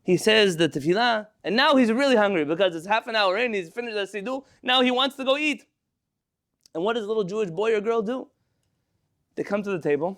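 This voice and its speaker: Male rabbi, higher register, animated storytelling lecturer mixing in Hebrew terms. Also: brisk. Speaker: rabbi teaching a class. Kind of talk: storytelling Torah class.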